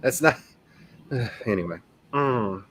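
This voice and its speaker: Woman, Southern US accent, casual livestream chat, self-mocking, very lively intonation. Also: very deep voice, takes it slowly, breathy edge. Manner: animated, self-mocking, laughs often. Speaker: author hosting a writing livestream.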